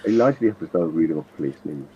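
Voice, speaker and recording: At the tabletop, a man speaks at a racing pace in a very deep, dark, slightly rough voice full of expression. His casual talk about his characters wanders through self-correcting tangents. Faint noise sits under the dull, lo-fi audio.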